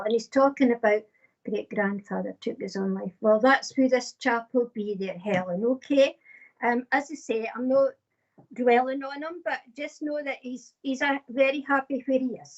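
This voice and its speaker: A woman's voice: a little high, a little mellow. A woman, a psychic medium giving live readings in a chatty, casual way with many fillers. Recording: dull lo-fi stream audio.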